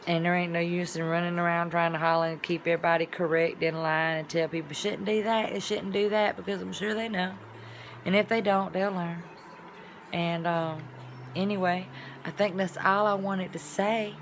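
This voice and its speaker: A woman's voice: on the low side, level tone, moderate pace, a little hiss or hum. A woman vlogger talking in a casual, rambling monologue, with colloquial, folksy phrasing and sound-effect words.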